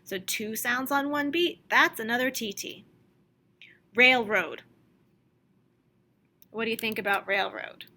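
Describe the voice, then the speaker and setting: A woman teaching a recorded music lesson to young children, explaining slowly and clearly and chanting rhythm syllables for them to copy. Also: on the high side, bright, forceful tone.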